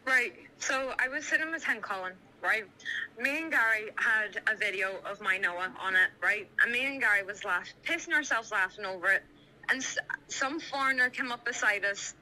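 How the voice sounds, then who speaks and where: A woman's voice: medium pitch, moderate pace, sharp tone, low-quality recording. A woman with a Dublin accent telling a rambling, agitated story over a phone on speaker. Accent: Irish (Dublin). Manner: rambling, restarts, retells quoted dialogue. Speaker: caller.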